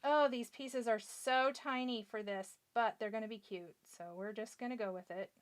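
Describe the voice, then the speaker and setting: A woman hosts a live craft tutorial, chatting through her steps, talking to herself as she works, teasing herself over small slips, and answering viewer comments. She's chatty and self-deprecating, with a voice on the high side at a moderate pace.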